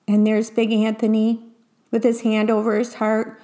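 A woman reading a children's picture book aloud in a clear, expressive way. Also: a little high, moderate pace. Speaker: storyteller.

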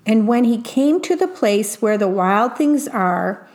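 A woman reading a picture book aloud slowly, pausing to describe each illustration in a gentle storytime manner. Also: on the high side, expressive. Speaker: reader.

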